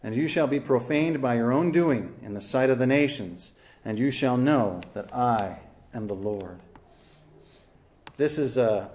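A man's voice: medium pitch, a little mellow. A man preaching an expository sermon, earnest and emphatic, repeating phrases for stress and putting questions straight to his listeners. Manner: asks the listeners questions directly. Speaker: pastor.

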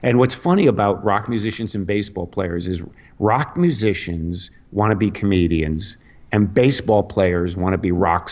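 A male comedian telling rambling anecdotes full of restarts and sudden pitch jumps, as a radio guest. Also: darkish tone. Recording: lo-fi radio studio audio.

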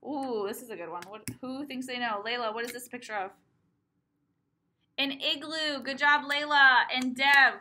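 A young woman teaching preschoolers in a recorded lesson, slowly sounding out vowels and repeating them with emphasis. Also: sits high, sharp tone.

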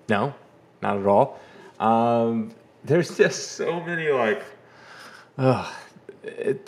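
Exasperated man ranting about a movie. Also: mid-range voice. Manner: exasperated, rambling, acts out quotes mockingly. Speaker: comic collector channel host. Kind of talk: casual movie review rant.

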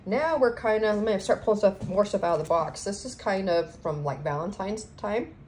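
A woman's voice: medium pitch, fairly quick. A woman chatting casually as she unboxes craft supplies at home, gushing and filling gaps with lots of ums. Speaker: craft vlogger. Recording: noisy home recording.

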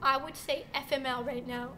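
A woman's voice: sits high, fairly even intonation, moderate pace, noisy background. A young woman giving dramatic gameplay commentary, groaning and shrieking at the game. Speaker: gaming streamer.

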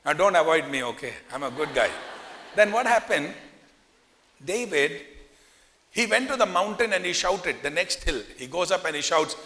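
A male pastor preaching with lively storytelling in a fairly high, bright voice. He throws questions out to the congregation as he goes. His words ring with long reverb in a church hall. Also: normal speed, gravelly. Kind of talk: sermon.

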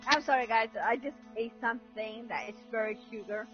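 A woman hosting a live gaming stream, excitable and loud, swearing and thanking viewers as she plays. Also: fairly high pitch, brisk. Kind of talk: casual live-stream chat while gaming. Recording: dull lo-fi stream audio with music behind.

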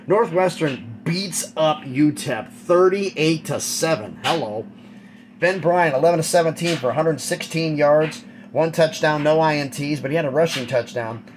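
Male sports commentator, slightly high voice, blunt opinionated stat recap, noisy background hiss. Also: moderate pace. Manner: blunt and opinionated, rattles off stats. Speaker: college football commentator.

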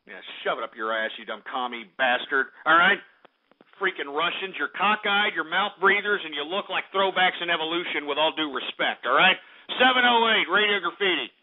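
A man's voice: a little high, lively intonation, brisk. A man playing an angry, swearing host of a comedic call-in radio show who insults every caller. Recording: tinny phone-like audio.

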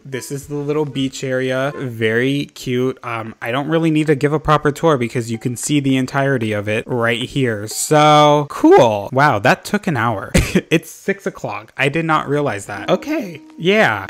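A man's voice: medium pitch, a bit bright. A man casually chatting while playing and decorating in a video game, rambling, swearing freely and joking at his own expense. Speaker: gaming channel host. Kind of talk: casual gameplay chat.

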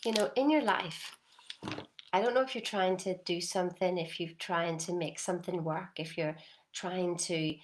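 Woman, middle-aged motivational coach, talks straight to camera, punchy and animated. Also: fairly low pitch, moderate pace. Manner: animated, emphatic, addresses viewer directly with frequent "yeah?". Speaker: personal development coach.

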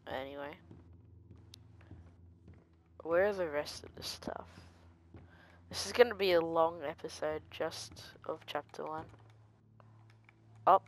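A game player giving quiet let's-play commentary, talking softly and easily startled. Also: mid-range voice, a little slow, long pauses, slight background noise.

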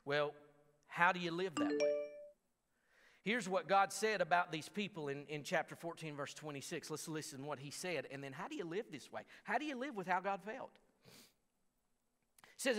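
A pastor's somewhat high, bright voice moves at normal speed through a sermon in a reverberant church hall. He talks casually, frequently stammering and starting over, and reads scripture with mounting power.

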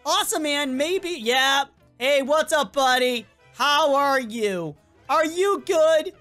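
A high-pitched woman chatters through her game commentary, excitable and quick to talk back to the characters on screen. Her voice sounds worn and cracking, with a cough coming through. Faint game music plays underneath. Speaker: gameplay commentator.

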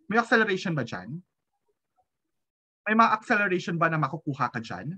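A man with a Filipino accent lectures in a bright, slightly husky voice that rises and falls a lot. He switches between English and Tagalog and keeps pausing to ask the class if they follow. The sound is dull and lo-fi, like audio from a video call. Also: fairly high pitch, big pitch swings. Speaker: physics lecturer.

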